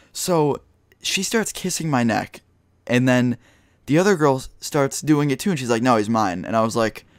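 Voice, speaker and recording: A man's voice: mid-range voice, no echo, clean studio sound. A young man telling a personal story in a casual, rambling way, full of fillers. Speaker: vlogger. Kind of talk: storytime vlog.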